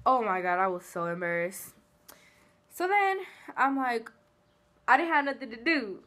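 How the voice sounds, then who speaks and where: Her voice is slightly high and unhurried. A vlogger casually shares amusing personal anecdotes on camera, giggling, chatting and telling them with animation.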